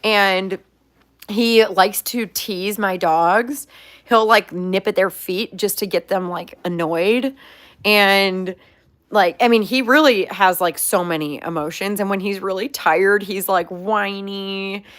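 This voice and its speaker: Casting: young woman vlog host, chatty and upbeat, heavy "like" fillers, mid pitch. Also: slow pace, a bit bright. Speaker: pet pig owner, channel host. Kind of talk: casual chat answering viewer questions.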